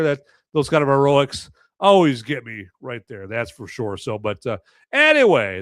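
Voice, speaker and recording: A man's voice: mid-range voice, big pitch swings, normal speed, fairly bright tone, no room sound. A man hosting a live movie review podcast, talking in a rambling, sarcastic way with lots of fillers. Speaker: podcast host.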